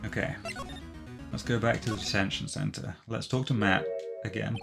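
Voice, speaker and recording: A man's voice: lowish voice, fairly even intonation, moderate pace, vocal fry. A man commentating a game playthrough, thinking aloud with hesitant restarts, over game music. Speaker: let's play host. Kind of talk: casual game commentary and reading.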